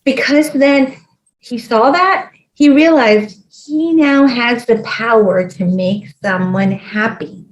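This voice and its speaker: A middle-aged woman psychologist telling family stories on a podcast, animated and acting out the voices of relatives. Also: a little high, takes it slowly, lo-fi sound. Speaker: psychologist guest. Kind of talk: casual podcast storytelling. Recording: roomy echo.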